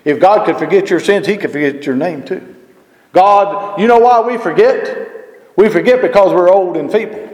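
A man's voice: fairly high pitch, a little mellow, reverberant, long reverb tail. A man preaching a sermon, emphatic, firing rhetorical questions and repeating his phrases.

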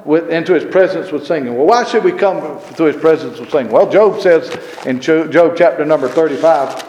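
Preaching man with a high, echoing voice. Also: a little fast, a little mellow, a little hiss or hum. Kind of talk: sermon. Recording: roomy hall echo.

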